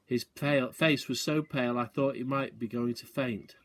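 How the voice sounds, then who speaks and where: A male teacher reading a children's book aloud, expressive, with short asides to the listeners. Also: mid-range voice, moderate pace.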